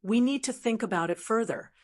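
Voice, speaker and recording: A woman's voice: on the high side, a little fast, lightly acted. A woman reading a cold, curt male strategist. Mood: cool, stern. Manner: indifferent, sharp. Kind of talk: audiobook narration.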